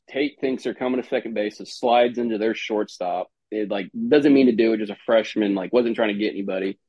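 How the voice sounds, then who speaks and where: A man's voice: medium pitch, no echo. A man, a former college ballplayer telling stories casually and acting out quotes. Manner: animated, rambling, acts out quoted exchanges. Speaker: former college baseball player, guest. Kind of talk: casual podcast storytelling. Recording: dull lo-fi sound, dry.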